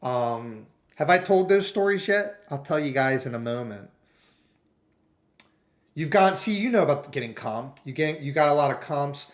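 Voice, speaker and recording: Man rambling through funny anecdotes, slightly high voice. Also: expressive, moderate pace. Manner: rambling storytelling, voices other people in anecdotes. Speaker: streamer. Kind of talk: rambling casual chat.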